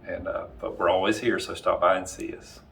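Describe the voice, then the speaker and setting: A man with a very deep, gravelly voice gives a halting farewell. He sounds far from the microphone, with faint room noise around him. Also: level tone, fairly bright tone. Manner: halting, with fillers. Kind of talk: tribute message.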